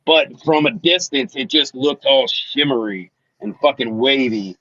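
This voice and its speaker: A man's voice: medium pitch, measured pace, bright, forceful tone, no room sound, lo-fi sound. A man in casual chat, telling a blunt story full of swearing. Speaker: podcast panelist.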